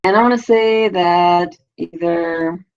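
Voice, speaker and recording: A middle-aged woman talks slowly in a lowish voice while hosting a live stream. Her rambling, slang-heavy chat is full of fillers and casual cursing, and the lo-fi audio sounds dull.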